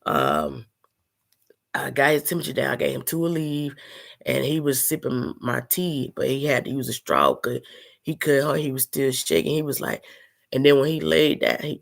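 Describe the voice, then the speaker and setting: A woman's voice: a bass voice, big pitch swings, moderate pace, gravelly. A sick woman telling a personal story to her viewers in an earnest, emotional, casual way. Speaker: vlogger.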